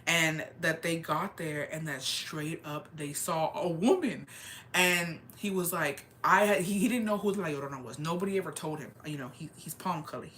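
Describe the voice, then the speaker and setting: A young woman casually telling a scary story, animated and slangy, swearing and slipping into Spanish now and then. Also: low voice, moderate pace. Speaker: storyteller vlogger.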